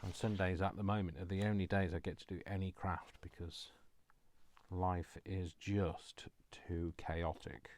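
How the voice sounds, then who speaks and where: A man's voice: low-pitched, little pitch movement, unhurried, darkish tone, slight background noise. A man chatting casually to viewers while crafting, self-deprecating and talking to himself as he works. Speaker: crafting vlogger.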